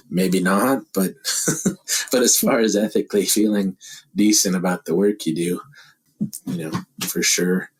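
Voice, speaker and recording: Deep husky man, halting and laughing. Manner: laughs often, thinks aloud in halting phrases. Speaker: podcast guest, anthropologist. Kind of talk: casual interview talk.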